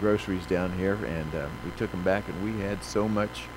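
A man preaching a sermon, reading scripture slowly and with emphasis, then telling folksy stories with many fillers. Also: deep voice, noisy background. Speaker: pastor.

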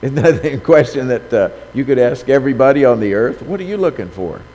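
Reading scripture during a sermon, this man lifts his voice for the quotations and keeps throwing rhetorical questions at the listener. He sounds medium-pitched, mellow and animated, speaking a little fast, with long hall reverb and faint noise behind him.

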